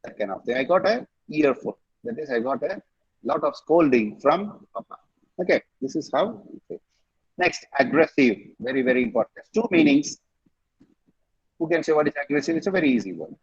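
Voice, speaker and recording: Man, Tamil accent, teaching online, husky, muffled lo-fi audio. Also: mid-range voice, animated, fast. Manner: mixes Tamil with English, quizzes students, spells words out. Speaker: English teacher. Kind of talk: online vocabulary lesson. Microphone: video call.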